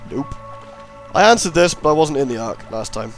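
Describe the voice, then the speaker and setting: A man's voice: a little high, animated, moderate pace, faint music behind. A man hosting a let's play, rambling and sarcastic as he comments on the game. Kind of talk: gameplay commentary.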